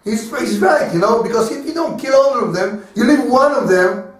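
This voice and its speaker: A rabbi with a Hebrew accent giving an informal Torah class in English, halting and repeating words as he searches for terms, and often chuckling as he explains. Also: very high voice, animated. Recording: echoey room, speaker far from mic.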